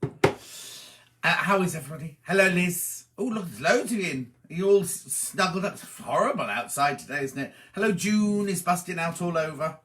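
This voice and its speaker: A chatty man hosts a live stream, greeting viewers one by one and reading their messages aloud. His voice sits slightly high for a man and sounds bright and forward. He talks in a relaxed, friendly way. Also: a little fast. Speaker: host.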